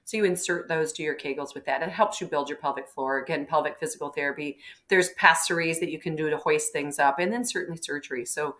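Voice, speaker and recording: A woman doctor with a low voice gives advice on a live webinar, talking in an animated, hands-on way. She clears her throat now and then, over a video call. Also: fast, hardly any pauses. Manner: animated, acting out patients' words, frequent throat clearing. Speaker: physician guest.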